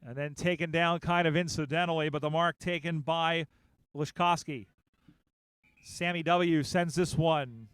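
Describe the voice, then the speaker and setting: Crisp, excited male sports commentator. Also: fairly high pitch, no room sound. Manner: excitable play-by-play, quick bursts on big plays. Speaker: play-by-play commentator. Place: outdoor sports field broadcast.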